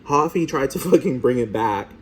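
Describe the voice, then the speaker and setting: A man's voice: medium pitch, lively intonation, moderate pace. Man, ranting commentary, profane and mocking, faint background noise. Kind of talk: casual commentary over clips.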